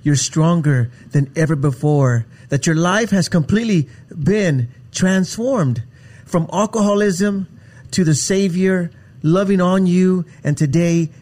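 High-voiced encouraging male host. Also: unhurried, darkish tone. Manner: encouraging, prompting questions. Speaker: radio ministry host. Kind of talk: interview hosting.

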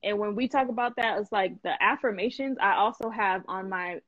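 A woman hosting a live stream in casual chat, animated and emphatic, laughing often and full of slang. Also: mid-range voice, brisk, dry recording, muffled recording. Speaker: host.

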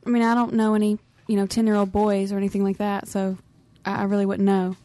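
A woman's voice: medium pitch, flat delivery, fast talker, warm tone, dry recording. A young woman co-hosting a casual roundtable podcast, laughing often as she presents her store tour segment. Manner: giggly, laughs often between phrases.

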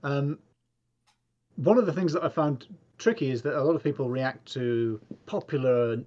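A man's voice: medium pitch, normal speed, darkish tone, lo-fi sound. A man from England talking as a podcast guest in casual chat, dry and self-deprecating, with lots of ums and restarts. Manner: self-deprecating, dry, hesitant with many fillers. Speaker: guest, comedy video maker.

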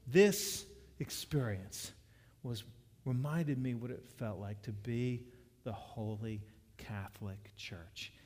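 A man's voice: mid-range voice, unhurried, dark tone, in a large hall. A man preaching a sermon, telling a story in a conversational way with frequent restarts. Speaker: pastor.

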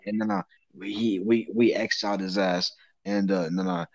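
Teen male podcast host, low register, rambling and profane, dull lo-fi audio. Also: big pitch swings, normal speed, vocal fry, no room sound. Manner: rambling, laughing, swearing. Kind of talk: casual chat among friends. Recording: dull muffled lo-fi sound.

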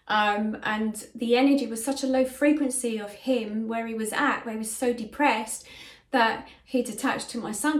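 Middle-aged woman in an echoey room. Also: fairly high pitch. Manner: earnest, conversational, with frequent fillers. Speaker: spiritual medium. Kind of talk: casual first-person storytelling. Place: bedroom in a home.

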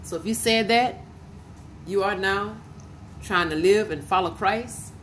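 A woman preacher speaks with fervent conviction on her own podcast, delivering a prophetic word to her listeners. Her voice sits at a middling pitch for a woman, and she returns again and again to the same phrases. A faint hiss runs beneath her voice. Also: measured pace, fairly bright tone. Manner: fervent, repetitive, punctuated with hallelujahs; speaks directly to listeners as "y'all".

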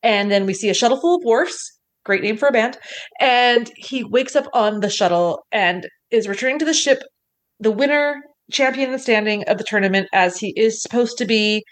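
A woman's voice: fairly high pitch, animated, moderate pace. A woman co-hosting a podcast, recapping an episode in a playful, chatty way with lots of fillers, over a video call. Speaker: podcast co-host. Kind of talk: casual chat recapping an episode.

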